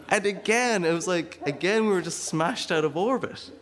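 A man's voice: sits high, unhurried, a crowd in the background. A man telling a comic story on stage, laughing often and acting out the people in it. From Ireland. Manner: animated, laughing often, acting out quoted voices. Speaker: stand-up comedian.

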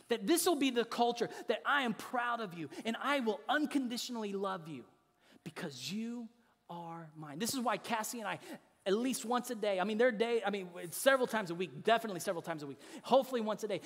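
A man preaching a sermon as pastor, earnest and emphatic, repeating key phrases and dropping soft and low to drive points home. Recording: long hall reverb.

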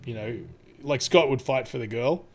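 A young man talks through a movie in a loose, rambling way, full of fillers, laughter and casual swearing. His voice sits at an ordinary middle pitch. It feels like an easygoing chat between friends. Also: normal speed.

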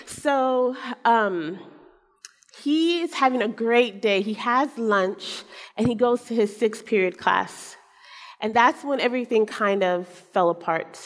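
A woman's voice: on the high side, slow pace. Earnest storytelling woman in a hall. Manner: earnest storytelling, acts out her son's voice. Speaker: speaker giving a church talk. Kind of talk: personal story sermon. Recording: long hall reverb.

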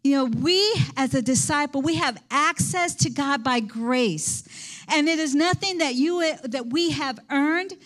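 A woman's voice: sits high, a little slow, fairly bright tone. A woman teaching a Bible lesson in an enthusiastic, rambling preaching manner. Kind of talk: sermon.

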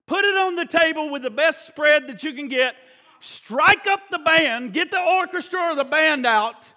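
A jubilant father calling out orders to his servants, as a preacher acts him out. The voice sits very high and rings bright and forceful, booming and exuberant. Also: expressive, moderate pace, full character voice. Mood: joyful commanding. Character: joyful father welcoming home his lost son.

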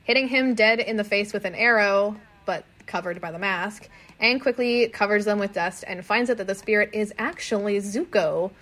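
Chatty woman recapping episodes. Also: mid-range voice. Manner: animated, acts out characters in quick asides, swears casually. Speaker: podcast co-host. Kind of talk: casual recap chat.

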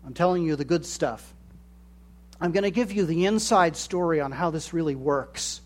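A man preaching a sermon in a measured way, acting out the voices he quotes. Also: on the high side. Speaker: pastor.

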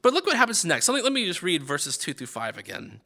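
Man, preacher, sermon, very bright tone, slightly high voice, stammering restarts. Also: wildly swooping pitch, fast. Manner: conversational, frequent stammered restarts.

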